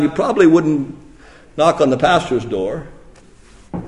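A man preaching a sermon in a slightly high voice. He drops to a hush, then rises into loud, emphatic questions. His voice trails off into a long reverb from a large hall. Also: expressive, a little fast. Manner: dramatic, swings from hushed to loud emphatic questions. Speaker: pastor.

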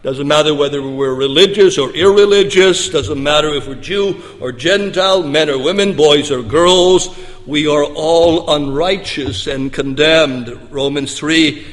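Emphatic preacher in a reverberant hall. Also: male voice, on the high side, a little slow. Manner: emphatic, dynamic preaching with loud and soft swings. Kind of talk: sermon. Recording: long reverb of a large hall.

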